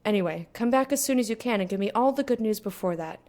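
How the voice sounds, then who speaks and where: A woman's voice: a little high, lively intonation, fast talker, darkish tone, soft background music, natural voice. A woman reading a letter aloud in a put-on British accent as a blunt, chatty young working-class woman writing to her sister. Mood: gossipy.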